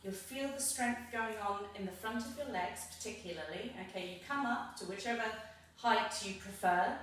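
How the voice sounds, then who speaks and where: A woman's voice: mid-range voice, moderate pace, fairly bright tone, far from the mic. Encouraging woman teaching dance in an echoey room. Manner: upbeat and encouraging, counting out beats. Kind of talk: instructional dance tutorial.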